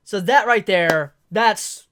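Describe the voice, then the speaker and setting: A man reviewing a manga chapter in a casual, excitable way, gushing as he reacts with lots of "yo" and "like". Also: high-pitched, takes it slowly, a little hiss or hum.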